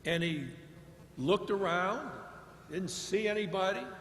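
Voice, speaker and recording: A man's voice: high-pitched, takes it slowly, a bit bright. A man from Ohio giving a commencement address, a blunt and emphatic storyteller. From Ohio, United States. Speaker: commencement speaker. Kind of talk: commencement address with folksy anecdotes. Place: large hall at a graduation ceremony. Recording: echoey large hall with long reverb.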